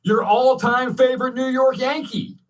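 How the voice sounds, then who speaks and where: A man's voice: extremely high pitch, little pitch movement, moderate pace, distant mic, low-quality recording. A man in his fifties from Atlanta, hosting a radio talk show and heaping enthusiastic praise on his guest. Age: 50s. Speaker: radio host. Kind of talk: radio interview chat.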